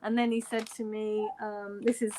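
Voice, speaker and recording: A fan guest from London, a woman in her forties, tells a casual story on a video call at a moderate pace in a mid-range voice. Her animated retelling includes quoted dialogue and frequent laughter.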